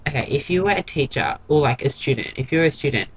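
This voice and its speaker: A man's voice: mid-range voice, expressive, fast, slightly rough, rough recording. A man giving a casual, gossipy vlog recap of a TV episode in a catty, sarcastic way. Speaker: TV episode reviewer.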